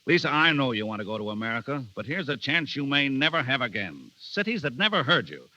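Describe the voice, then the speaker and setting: A man's voice: medium pitch, very animated, sharp tone. An actor playing a pushy concert manager, persuasive and salesman-like, in 1930s radio drama style. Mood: coaxing. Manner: persuasive, fast-talking, salesman-like. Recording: dull old radio broadcast.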